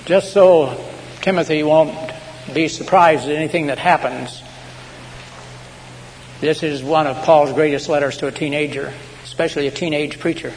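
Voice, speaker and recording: A man with a somewhat high voice preaches a sermon, his words trailing off into a long hall reverb. He tells his stories dramatically, drawing out big declarations, then dropping to a hush. A faint hum sits under the recording. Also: fairly even intonation. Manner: dramatic storytelling, swinging between loud, slow proclamations and hushed asides. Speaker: pastor.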